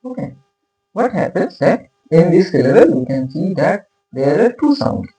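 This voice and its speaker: A man giving an unscripted literature lecture, speaking haltingly with many fillers and restarts. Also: sits high, sing-song, warm tone. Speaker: literature teacher. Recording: echoey room, distant mic, faint music.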